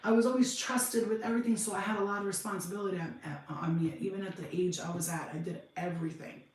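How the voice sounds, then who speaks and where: A woman, telling her life story on a podcast, blunt and animated, acting out other people's voices. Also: mid-range voice, quick pace, distant mic. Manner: blunt, animated, swears freely, acts out voices. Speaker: podcast host. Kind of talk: casual storytelling monologue. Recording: echoey room, voice off-mic.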